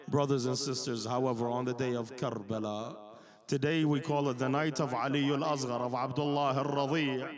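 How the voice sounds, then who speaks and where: A man preaching a mourning sermon, telling the story with deep emotion and chanting lines in Arabic. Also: steady tone, normal speed, crowd noise. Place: Islamic centre hall.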